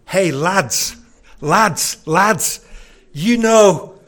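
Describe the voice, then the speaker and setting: A man voicing a boastful ancient king with a Yorkshire accent, loud and excited as he talks to his lads. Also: high-pitched, drawn-out words, exaggerated voice.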